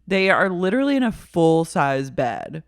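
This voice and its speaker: A podcast co-host at middle pitch, riffing on a TV episode with dry, sardonic jokes and frequent swearing. The talk is casual and quick to pile on exaggerated bits. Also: big pitch swings, dry recording. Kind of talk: casual recap chat.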